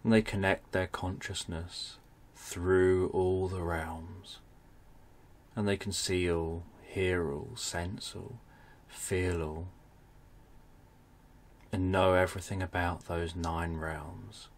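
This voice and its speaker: A man narrating a bedtime story for adults, speaking in a soft, soothing way. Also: deep voice, fairly even intonation, slow pace.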